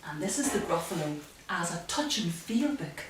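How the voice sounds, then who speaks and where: A woman community librarian reading a children's story aloud in an expressive storytelling manner. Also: lowish voice, distant mic, background noise. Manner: slow, lively, expressive storytelling. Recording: echoey room, voice from off-mic.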